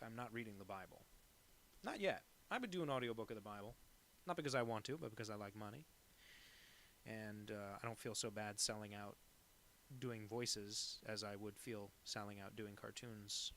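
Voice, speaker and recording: A man's voice: fairly low pitch, moderate pace, gravelly, long pauses, a bit bright, a little hiss or hum. A man cartoonist chatting casually while he draws live, rambling and joking with plenty of swearing. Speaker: cartoonist streaming live drawing. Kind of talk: casual chat.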